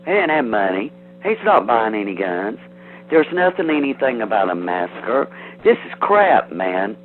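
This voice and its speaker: A man's voice: lowish voice, sing-song, moderate pace, faint music behind. A man on a heated phone call, defensive and threatening, rambling with restarts. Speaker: prank call target. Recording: tinny phone line, faint hiss.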